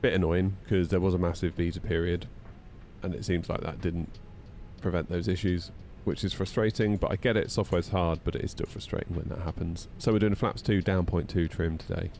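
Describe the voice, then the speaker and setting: A man chatting casually on a live stream, rambling and jumping up in pitch when exasperated. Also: steady tone, fairly quick, darkish tone, a little hiss or hum. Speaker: flight sim streamer.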